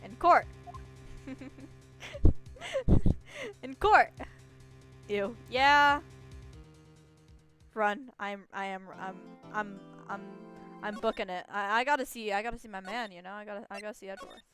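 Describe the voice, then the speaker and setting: A woman's voice: medium pitch, moderate pace, fairly bright tone, soft background music. A young woman playing through a video game, reading dialogue aloud in a playful, giggly manner. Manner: playful, giggly, reads characters in varied voices. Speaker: gaming streamer.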